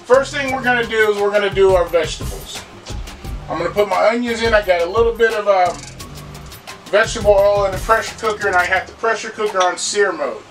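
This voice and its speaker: A man's voice: sits high, a little fast, fairly bright tone, faint music behind. A man hosting a home cooking show, chatting casually and walking viewers through each step in his kitchen.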